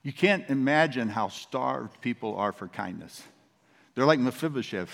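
A man's voice: medium pitch, animated, normal speed, vocal fry, a bit bright, in a large hall. A man, a pastor, preaching a sermon in a conversational, storytelling manner.

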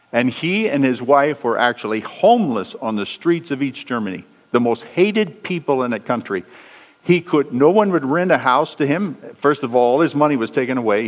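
A man preaching a sermon, telling stories and acting out the lines of the people in them, his pitch swinging high and low. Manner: storytelling with acted dialogue, pitch swinging up and down. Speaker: pastor. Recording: long echo of a large hall.

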